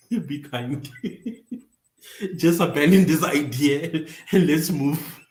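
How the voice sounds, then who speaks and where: A man chats slowly with his livestream viewers, teasing them and breaking into laughter. His voice sits a bit high for a man, and the room around him is echoey. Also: a little mellow. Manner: chatty, laughs often, teasing viewers by name. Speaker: livestream host. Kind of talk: casual livestream chat with viewers.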